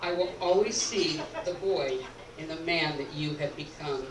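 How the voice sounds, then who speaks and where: A woman's voice: sits low, far from the mic, crowd noise. Woman giving a sentimental toast, echoey. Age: middle-aged. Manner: earnest, sentimental, measured. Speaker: groom's mother giving a toast. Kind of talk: heartfelt wedding toast. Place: banquet hall at a rehearsal dinner. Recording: echoey hall recorded from afar, background noise.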